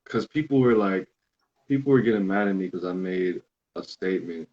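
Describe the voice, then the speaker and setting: A young man hosts a relaxed podcast conversation with a fairly low voice, telling rambling stories full of casual swearing. The recording sounds a little dull and lo-fi. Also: moderate pace. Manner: loose storytelling with swearing, mimics others in quotes. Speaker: podcast host. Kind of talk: casual chat.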